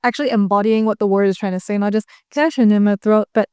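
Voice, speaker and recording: A woman's voice: mid-range voice, a little hiss or hum. A woman co-hosting as a vocal coach, reacting expressively as she explains what she hears. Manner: animated, expressive, quick to react. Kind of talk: casual reaction breakdown.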